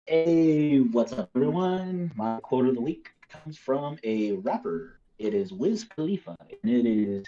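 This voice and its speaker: A man co-hosting a casual livestream, talking in a relaxed, chatty way. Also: mid-range voice, unhurried, few pauses, dull audio. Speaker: show co-host.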